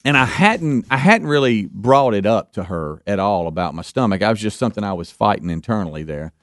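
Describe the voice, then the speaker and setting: A man hosting a live radio show, telling a story in an animated way, repeating words and acting out what people said. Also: on the low side, a little fast, dry recording, clean studio sound. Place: radio studio.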